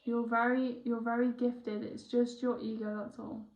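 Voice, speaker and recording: A young woman, a spiritual healer chatting excitably through a one-on-one session, rambling and correcting herself as she goes. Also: on the high side, moderate pace. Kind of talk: casual one-on-one session chat. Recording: roomy, dull lo-fi sound.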